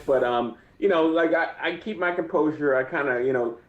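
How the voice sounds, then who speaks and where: A man's voice: a little high, fairly quick. Young male fighter guest, rambling and casual; dull, roomy remote audio. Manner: rambling, many fillers and "you know what I mean". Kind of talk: casual interview. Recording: muffled echoey remote audio.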